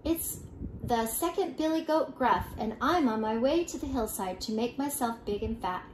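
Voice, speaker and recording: The middle billy goat from a storybook pleads anxiously in a high, eager voice, as a grandmother puts him on. The room around the voice is echoey. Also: animated, normal speed, darkish tone, a little hiss or hum, close to an everyday voice. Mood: pleading.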